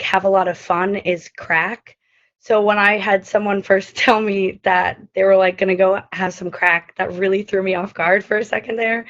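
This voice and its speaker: A woman's voice: mid-range voice, dull audio. A young woman and study abroad alumna, chatting casually over a video call with lots of fillers. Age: young adult. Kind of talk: casual chat.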